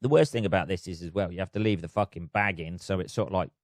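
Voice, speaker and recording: A man's voice: deep voice, quick pace, no echo, studio quality. A man with a Northamptonshire English accent hosting his own podcast, rambling through a casual solo chat full of swearing and fillers. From England. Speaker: podcast host.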